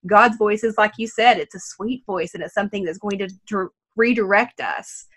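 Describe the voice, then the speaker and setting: A woman hosts a faith podcast, speaking earnestly and encouragingly, with a laugh slipping in now and then. Her pitch sits right in the middle for a woman. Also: normal speed, a bit bright, slightly rough. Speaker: podcast host. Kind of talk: faith-based podcast conversation.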